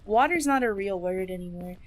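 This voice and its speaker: Playful and animated, this young woman talks a little fast in her mid-range voice while live-streaming a horror game and chatting casually with viewers. Faint game music plays behind her; she hums and sings along to it, then suddenly jumps into squeals.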